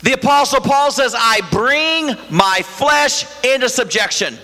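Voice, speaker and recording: A man's voice: very high-pitched, lively intonation, measured pace, bright, forceful tone, faint music behind. A man preaching a sermon in a church, talking conversationally and firing rhetorical questions at the congregation. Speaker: pastor. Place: church sanctuary. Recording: echoey hall reverb.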